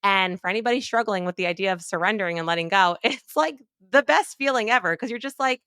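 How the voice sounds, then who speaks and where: Female guest, bright clear voice, chatty and expressive, dry close recording. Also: mid-range voice, quick pace, no room sound. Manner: chatty, many "like" fillers, expressive quoting. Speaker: podcast guest, clinical nutritionist. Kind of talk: casual conversational interview.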